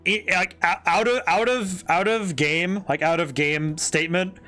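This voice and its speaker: A man streaming a video game, chatting in an excitable, jokey way, often stopping and restarting his sentences. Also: high voice, normal speed, soft background music. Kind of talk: casual gameplay commentary.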